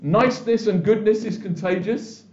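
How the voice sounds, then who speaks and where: In a high, somewhat mellow voice with fairly even intonation and normal speed, a man preaches as pastor. He keeps restarting and impersonating what people say, in casual sermon style, recorded dully in an echoing church.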